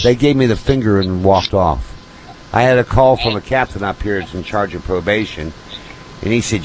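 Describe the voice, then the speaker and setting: A man's voice: lowish voice, a little fast, low-quality recording. A man on a talk show as a guest, telling defiant stories and acting out his confrontations. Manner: defiant storyteller, acts out confrontations. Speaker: guest or caller. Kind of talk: casual talk show conversation. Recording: faint background noise.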